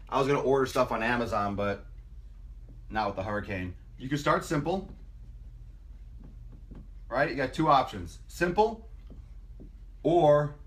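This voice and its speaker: A medium-pitched male voice with a bit of hiss or hum. He's a fitness coach talking casually to camera, giving blunt, profane motivation and mocking people with put-on voices.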